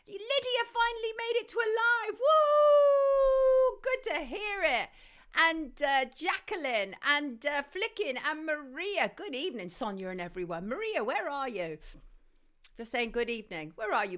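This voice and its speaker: A woman's voice: a little high, pushed and bright. Chatty woman hosting a live stream. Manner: chatty, affectionate, reads viewer messages aloud. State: slightly hoarse, dodgy throat. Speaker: host. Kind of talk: live-stream chat, greeting viewers. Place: home studio in southwest London.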